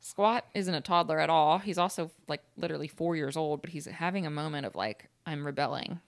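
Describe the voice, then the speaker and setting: A woman co-hosting a podcast in casual chat, playful and quick to laugh, speaking into a podcast mic. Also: sits low, creaky. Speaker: podcast co-host. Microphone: podcast microphone.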